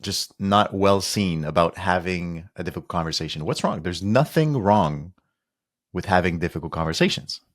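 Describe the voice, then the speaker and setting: Male co-host, very low voice, probing and repetitive, dry close mic. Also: animated, normal speed, no room sound. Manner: probing, repeats his questions. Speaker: podcast co-host. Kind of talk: casual podcast chat.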